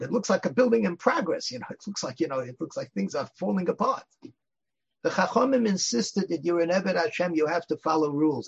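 An older man with a deeply husky, raspy voice teaches an informal Torah class. He rambles into stories and digressions, laughing softly and sprinkling in "you know." The sound is dull and lo-fi. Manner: digressive storyteller, chuckles often, many "you know"s.

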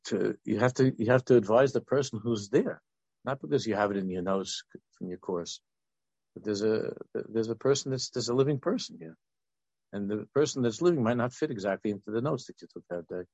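Gravelly older man giving an informal talk. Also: on the low side, brisk, a little mellow, dry recording, muffled recording. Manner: rambling, with many restarts and asides.

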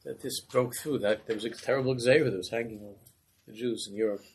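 A man telling a Hasidic story as a sermon, animated and acting out the voices. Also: medium pitch, fast talker, slightly rough, rough recording.

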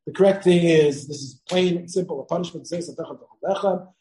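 Chatty middle-aged rabbi giving a lesson. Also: male voice, a little high, moderate pace, mellow, a little hiss or hum, poor audio. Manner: conversational, asks "right?" often, tells personal stories; mixes in Hebrew and Yiddish terms. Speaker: rabbi teaching a class. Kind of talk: Torah lecture to students.

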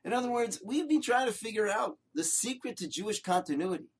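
Older rabbi, husky highish voice, teaching torah, lots of questions and repeating lines. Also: male voice, brisk. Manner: animated storytelling with rhetorical questions; repeats short phrases for emphasis. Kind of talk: Torah lesson.

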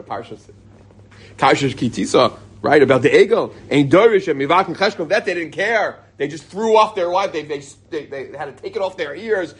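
The voice is a little high and husky. A middle-aged man teaches a live group an informal Torah class, reading Hebrew aloud before breaking it down in relaxed, joking English.

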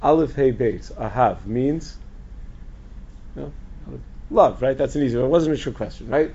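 A man's voice: mid-range voice, normal speed, warm tone, slightly rough, muffled recording. A man teaching as a rabbi in a lecture. He quizzes the audience with questions and answers them himself, often restarting and repeating words. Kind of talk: Torah lecture to a group.

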